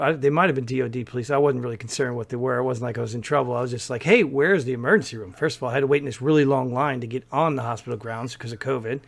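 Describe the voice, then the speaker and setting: A man's voice: medium pitch, creaky. A man, podcast co-host, casually telling a story and acting out the people in it. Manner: animated storyteller, acts out quoted people.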